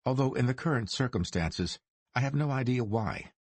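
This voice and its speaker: A man voicing a suave, dryly ironic mob boss's son in his forties, speaking smooth and deliberate in an audiobook. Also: medium pitch, expressive, no room sound, voice pushed up. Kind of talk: audiobook character reading.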